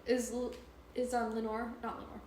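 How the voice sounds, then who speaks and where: A woman's voice: fairly high pitch, flat delivery, normal speed, a little mellow, echoey room, a little hiss or hum. A woman playing a tabletop game, chatting with enthusiasm and amazement. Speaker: player. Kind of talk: casual chat at a tabletop game.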